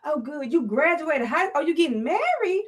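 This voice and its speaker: A woman's voice: high voice, sing-song, moderate pace, pitched above the performer's own voice. Doting old Southern granny , a woman putting it on. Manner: cooing, fussing over a grandchild. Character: doting AI copy of an old grandmother.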